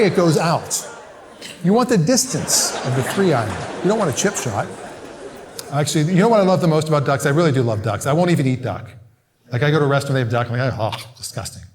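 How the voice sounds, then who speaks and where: Male stand-up comic on stage, somewhat high voice, lively storyteller, live room with audience noise. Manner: animated storytelling with voiced asides and squawks. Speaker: stand-up comedian. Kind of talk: stand-up comedy set. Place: live comedy venue with audience.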